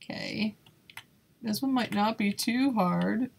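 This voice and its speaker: Woman narrating her gameplay, kinda breathy, nervous and exclaiming a lot, laughs a bunch. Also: a little high, slow pace. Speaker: YouTuber playing a video game. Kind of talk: casual gameplay commentary.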